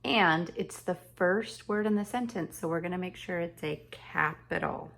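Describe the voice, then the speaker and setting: A woman teaching a remote lesson to young children, speaking in a slow, patient, encouraging way. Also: on the low side, vocal fry, a bit bright. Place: home. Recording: echoey room, faint noise.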